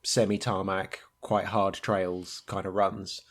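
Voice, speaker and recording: A man's voice: low voice, little pitch movement, slow pace. A man co-hosting a podcast, chatting in a rambling, easygoing way. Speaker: podcast co-host. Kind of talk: casual chat.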